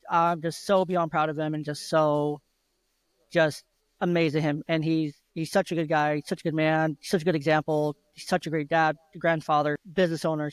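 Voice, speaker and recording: Young male guest, 20s; earnest and proud, somewhat high, smooth resonant voice, dry sound. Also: no echo. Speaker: podcast guest. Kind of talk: casual chat.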